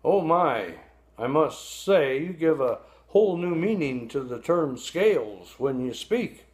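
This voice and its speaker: A gentle old catfish with a fatherly drawl, played by a man in a storybook voice. He sounds caring and unhurried, a little higher than a deep old man. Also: lively intonation. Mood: wry.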